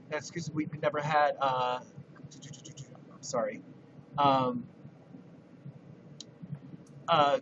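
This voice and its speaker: Higher-voiced male streamer, dull noisy audio. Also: fairly bright tone. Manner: thoughtful, measured, with many fillers and restarts. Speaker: live-stream host. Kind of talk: casual live-stream talk, reading viewer comments.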